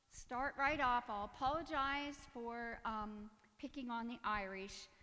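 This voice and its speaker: A woman's voice: on the high side, a bit bright, big-room sound. A woman giving a personal testimony in church, earnest and emotional, with nervous little laughs. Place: church sanctuary.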